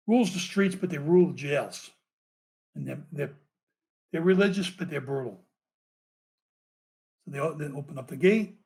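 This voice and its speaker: A man, a former police officer, telling his story as a podcast guest in a profane, animated way. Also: on the high side, gravelly. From United States.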